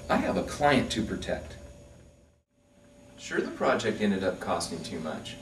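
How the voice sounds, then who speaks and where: A man's voice: low voice, very animated, moderate pace, slight background noise. A man delivering a scripted comic monologue in an indignant, defensive way. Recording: roomy, distant mic, faint ambience.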